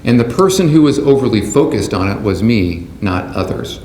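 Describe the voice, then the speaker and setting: A man delivering a prepared, measured keynote speech to a conference audience in a large hall. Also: fairly low pitch, big pitch swings, a little mellow. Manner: measured, deliberate delivery from a script. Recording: roomy hall sound with faint background noise.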